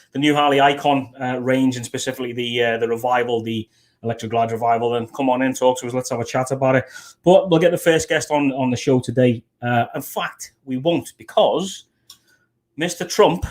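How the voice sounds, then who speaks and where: A British man hosting a casual live stream, bantering, swearing and laughing with guests. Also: medium pitch. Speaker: livestream host. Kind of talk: casual livestream chat.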